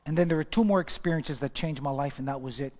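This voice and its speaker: A male pastor telling his life story in a sermon, chatty and animated, asking the crowd questions and often restarting his sentences. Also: on the high side, quick pace. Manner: storytelling, animated, asks the audience questions, repeats himself. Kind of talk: testimony sermon.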